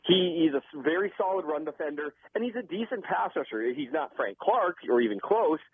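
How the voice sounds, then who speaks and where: A man giving casual football analysis on a call, talking quickly and animatedly with frequent restarts. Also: fairly high pitch, lively intonation. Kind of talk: casual sports talk. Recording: muffled phone line, dry.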